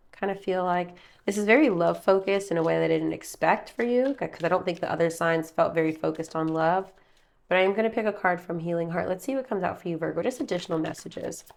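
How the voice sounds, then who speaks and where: Tarot reader, woman, casual and rambling, slightly low voice, talks to viewers from home. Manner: chatty, rambling, calls viewers babe and baby. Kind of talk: casual tarot reading to camera. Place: her room at home.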